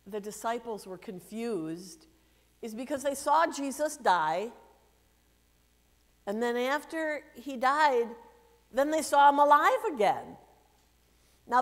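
A woman pastor reading scripture and then giving a gentle children's sermon, playfully asking the children questions. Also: fairly high pitch. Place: church sanctuary. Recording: long church reverb.

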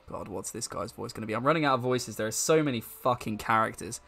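A male streamer commenting on a first-time video game playthrough during a live session. He jokes and swears freely and often laughs. His voice is mid-pitched and unremarkable in tone. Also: quick pace, gravelly, hardly any pauses, fairly bright tone, faint music behind. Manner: profane and joking, laughs often. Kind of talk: live let's-play commentary.

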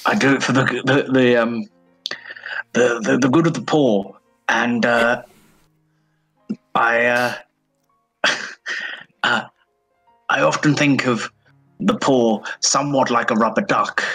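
A man's voice: mid-range voice, fairly even intonation, slow, long pauses, a bit bright, slightly rough, faint music behind, poor audio. A man playing a tabletop game, telling a hesitant, rambling story full of restarts and fillers. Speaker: player. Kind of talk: casual tabletop game chat.

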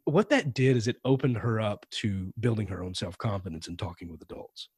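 A man being interviewed on a podcast, telling anecdotes in a relaxed, conversational way and animating the voices of people he quotes. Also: fairly low pitch, brisk, breathy edge, no echo. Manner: anecdotal, animated when quoting others. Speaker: podcast guest. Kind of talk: conversational storytelling.

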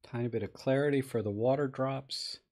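A man talking his way through a live photo-editing stream in a loose, chatty manner. His voice sits at an everyday middle pitch as he thinks aloud and says hello to viewers between edits. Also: a little fast, a little mellow. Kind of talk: casual live-stream commentary.

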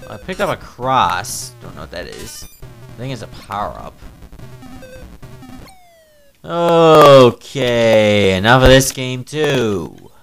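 A man's voice: on the low side, big pitch swings, moderate pace, creaky, fairly bright tone, faint music behind, low-quality recording. A man reviewing a video game with crude, sarcastic, mocking commentary. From Newfoundland, Canada.

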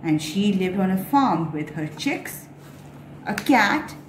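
A woman telling a story to young children in an animated, sing-song way, with gasps and exclamations. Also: mid-range voice, slow pace. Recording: echoey room, faint background noise.

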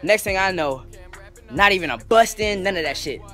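A young man telling a story in a casual, animated and profane way, full of slang. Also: sits high, moderate pace, soft background music. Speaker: storytelling vlogger.

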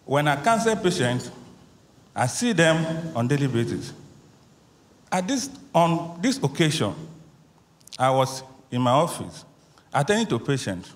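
A man stands before a church congregation to share his testimony, his fairly high voice rising and falling with earnest animation. Long reverb from the hall trails behind every phrase. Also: very animated, a little slow, long pauses. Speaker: church member giving a testimony. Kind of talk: spoken testimony.

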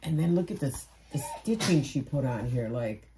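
Low-voiced woman gushing over craft mail. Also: animated, normal speed, a little hiss or hum. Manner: gushing, exclamatory, repeats phrases; swings between soft murmurs and loud squeals. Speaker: crafting vlogger. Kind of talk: casual unboxing chat to camera.

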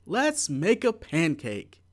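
A man voicing an eager young boy in a storybook who shouts his news with excitement. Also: on the high side, slow pace, voice pushed up, full character voice.

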